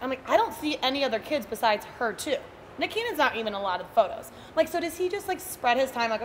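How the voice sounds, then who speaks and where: A woman co-hosting a podcast tells rambling stories in casual chat, packing them with "like." She talks fast in a high voice with big swings in pitch, and there's slight background noise.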